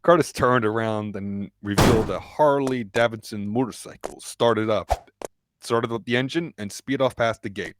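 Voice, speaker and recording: A man reading a fan-written story aloud, stumbling and restarting lines and raising his voice for the characters. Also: background noise. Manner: halting reading with restarts, pushed-up pitch for quoted lines. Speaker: fanfic reader.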